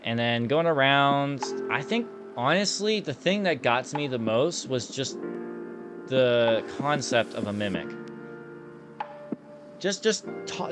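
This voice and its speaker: A man's voice: medium pitch, takes it slowly, music in the background. Jittery young man playing a horror game. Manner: jittery and excitable, with frequent "dude". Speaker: gameplay commentator. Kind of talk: horror gameplay commentary.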